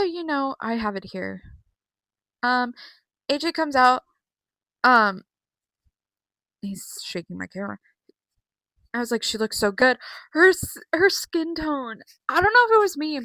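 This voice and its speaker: A woman's voice: a little high, a bit bright, no echo, low-quality recording. A young woman giving a casual, chatty wrestling recap at home, laughing and acting out quotes. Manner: chatty, giggly, acts out quotes. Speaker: vlogger.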